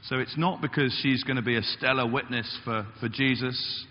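A man preaching a sermon in a church, lively and expressive, acting out the quoted voices as he goes. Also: normal speed, slight background noise. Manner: animated, acts out quotes with big pitch jumps. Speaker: pastor. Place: church hall. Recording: dull sound with long reverb in a church.

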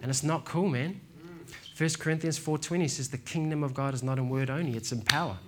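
A man preaching a sermon in a relaxed, slangy way, telling stories and calling listeners "man" and "bro". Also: on the high side, fairly quick, noisy background. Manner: laid-back, slangy, says "man" and "bro". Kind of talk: casual sermon with storytelling.

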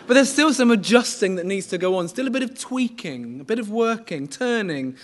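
Middle-aged man, sermon, conversational, slightly high pitch. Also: expressive, a little fast. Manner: conversational, asks the congregation questions. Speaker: preacher.

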